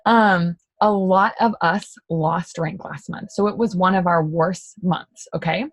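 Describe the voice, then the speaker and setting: A woman leading a sales team, giving a casual, emotional pep talk full of "like" and excited asides. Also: on the low side, measured pace, no echo, low-quality recording. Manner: casual, chatty, mild swearing.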